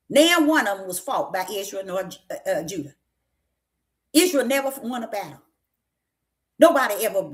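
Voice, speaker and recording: A woman's voice: a little high, fairly bright tone. A woman preaching a sermon as a prophetess, folksy and emphatic, who keeps asking her listeners questions and sometimes breaks into laughter.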